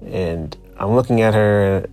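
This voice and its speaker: A man's voice: fairly low pitch, unhurried, a little mellow, soft background music. A man casually telling a personal story, reflective and searching for his words. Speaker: guest storyteller.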